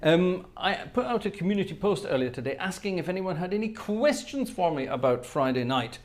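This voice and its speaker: A man's voice: high voice, very animated, a little fast. Chatty man greeting his stream. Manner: chatty, greets viewers by name, hums to himself while reading the chat. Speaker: host of a live-streamed organ music show. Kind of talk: casual live-stream chat greeting viewers.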